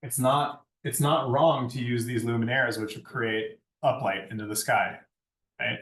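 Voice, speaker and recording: An unhurried man lectures on lighting design to a class in a steady, mid-range voice with a bit of brightness. His talk is conversational, with a questioning "right?" after many points. He is recorded from a distance in a reverberant room.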